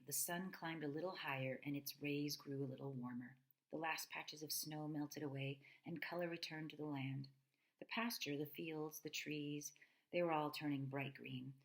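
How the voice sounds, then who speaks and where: A woman reading a children's novel aloud, expressive, with asides to her listeners. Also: low-pitched, vocal fry, rough recording. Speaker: reader.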